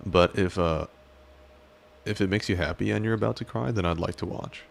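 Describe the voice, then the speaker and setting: A man's voice: sits low, normal speed, vocal fry. A man streaming, chatting casually as he reacts to clips, with a teasing, crude, mock-menacing manner.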